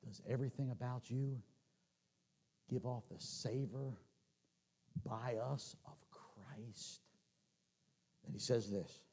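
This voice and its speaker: A man preaching a sermon, swinging from loud calls to hushed near-whispers and repeating phrases as he builds. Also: mid-range voice, slow pace, long pauses, husky. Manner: repeats and restarts phrases, folksy asides.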